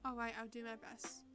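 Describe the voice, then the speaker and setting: A woman streamer casually reading online quiz questions aloud and reacting with laughs and swearing. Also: fairly high pitch. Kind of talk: casual reading and commentary while taking online quizzes.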